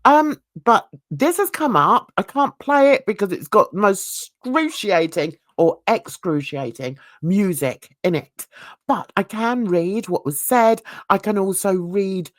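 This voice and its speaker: A woman's voice: mid-range voice, animated, a little slow, dry recording, clean studio sound. A woman hosting a true crime channel, reading viewer comments aloud in a casual, self-mocking way, stumbling over words and laughing at herself.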